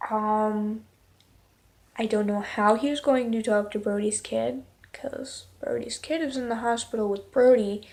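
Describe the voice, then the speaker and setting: Woman vlogger telling a story time, kinda high voice, blunt and fed up, swears casually. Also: creaky, a little mellow.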